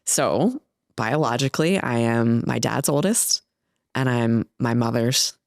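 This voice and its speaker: Woman telling her story in an interview, smooth clear voice, dry close sound. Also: rumbling low, unhurried, no room sound. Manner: candid, tearful at times, animated storytelling. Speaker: guest, health company founder. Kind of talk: emotional interview conversation.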